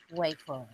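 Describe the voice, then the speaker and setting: A woman's voice: a little hiss or hum, low-quality recording. A woman co-hosting a casual wrestling podcast, ranting bluntly and swearing freely. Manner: blunt, profane, animated ranting. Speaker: podcast co-host.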